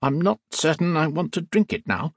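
A man voicing a nervous, hesitant young upper-class gentleman in an audiobook. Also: on the high side, sing-song, moderate pace, slightly rough, no room sound, pitched above the performer's own voice, heavily acted. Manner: hesitant, pleading.

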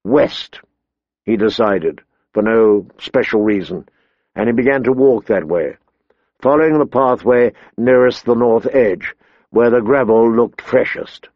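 A man narrating a story in a measured, even reading, in a dull lo-fi recording. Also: medium pitch, dry recording. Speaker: audiobook narrator. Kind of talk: scripted narration.

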